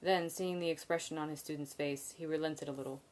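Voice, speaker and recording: A woman with a notably low voice reads a novel aloud on a live stream. Her reading is measured and even, stumbling now and then and picking the line back up. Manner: measured, with occasional slips and restarts. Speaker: reader.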